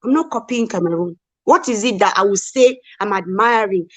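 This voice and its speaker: A woman's voice: medium pitch, normal speed, no echo. A woman from Nigeria, co-hosting a casual live chat and arguing her points emphatically with rhetorical questions. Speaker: co-host.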